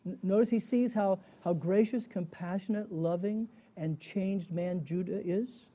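A man delivering a sermon in a high yet deeply mellow, dark voice. He teaches in an animated, storytelling way, tossing rhetorical questions to his listeners and chuckling now and then. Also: measured pace. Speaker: Bible teacher.

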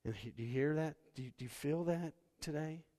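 A male pastor preaching a sermon, swinging from hushed storytelling to loud, impassioned appeals. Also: on the high side, a little fast.

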